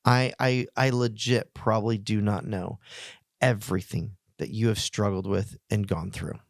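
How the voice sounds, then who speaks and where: A middle-aged male pastor giving a heartfelt, plainspoken message to men, earnest, with emotional pauses. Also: on the low side, steady tone, no room sound, studio quality.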